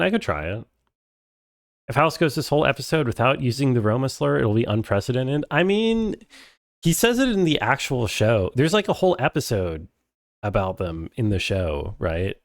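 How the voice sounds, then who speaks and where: A man's voice: medium pitch, big pitch swings, normal speed, no echo, clean studio sound. A man streaming a first playthrough of a game, chatting casually with viewers and reading dialogue aloud.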